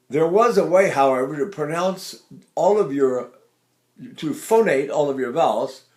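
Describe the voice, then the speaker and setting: Older male voice teacher, slightly high speaking voice, explains and demonstrates vowels. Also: darkish tone. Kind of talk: vocal technique lesson with sung demonstrations.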